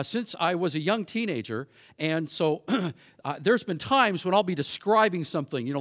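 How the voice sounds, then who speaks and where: A man's voice: on the high side, a bit bright. A middle-aged man preaching as a guest speaker, talking in a loose, conversational way with frequent restarts and fillers. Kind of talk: sermon.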